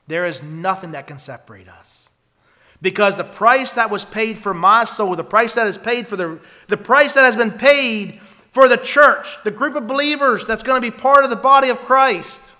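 Male preacher, high voice, sharp tone, earnest sermon, loud then hushed. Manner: earnest preaching, swings between loud emphasis and quiet passages.

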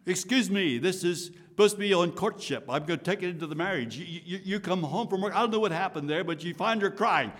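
A man preaching a sermon, swinging from loud emphatic lines to soft hushed asides. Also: high-pitched, fairly quick, few pauses. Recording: long hall reverb.

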